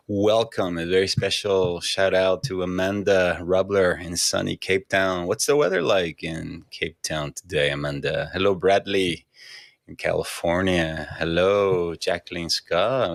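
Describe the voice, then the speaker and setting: A man with a very low voice hosts a meditation livestream from a small studio office. He talks in a relaxed, unhurried way and greets viewers one by one. The sound is dry and close. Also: no room sound. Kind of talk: casual livestream chat. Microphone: studio microphone.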